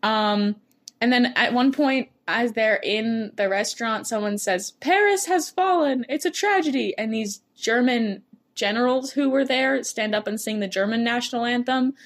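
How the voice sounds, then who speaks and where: A woman in casual conversation, recounting a story at length with an animated, rambling delivery. She laughs often as she goes, and her voice sits a little higher than most. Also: moderate pace. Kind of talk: casual chat.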